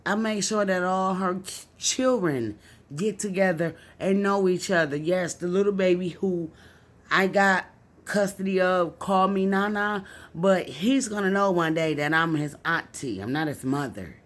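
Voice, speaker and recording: Young woman, emotional confessional vlog delivery, tipsy, swinging from hushed to loud and cursing. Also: a little slow. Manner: raw, profane, swings from low and subdued to loud and angry. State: tipsy from drinking. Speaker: vlogger. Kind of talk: emotional personal storytelling.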